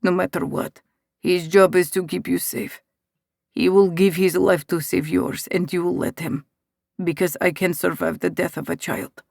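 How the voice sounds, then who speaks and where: An audiobook narrator voicing a stern, loving father giving quiet, grave instructions. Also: mid-range voice, flat delivery, moderate pace, vocal fry, dry recording, studio quality.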